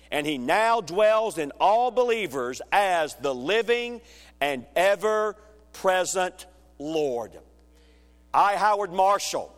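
A man preaching a sermon, emphatic, swinging between loud rhetorical questions and hushed lines. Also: high voice. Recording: long reverb of a large hall.

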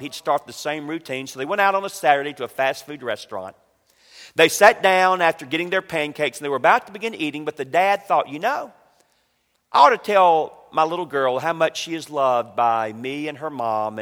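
A male pastor preaching a sermon, swinging from loud emphatic lines to quiet storytelling. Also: a little high, long reverb tail.

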